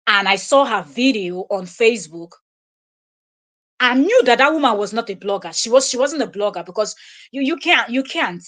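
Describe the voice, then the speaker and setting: A woman's voice: fairly high pitch, animated, moderate pace. A woman hosting a live stream, commenting scornfully on clips she plays from another creator. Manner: scornful, laughs loudly and mocks. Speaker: live stream host reacting to videos. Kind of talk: commentary on a played video.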